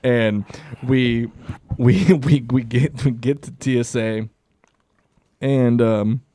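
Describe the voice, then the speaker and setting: A man's voice: mid-range voice, slow pace, warm tone, dry recording. A young man co-hosting a podcast, telling a comic story with heavy swearing and laughing at himself. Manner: profane, laughs through his own story. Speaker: podcast co-host.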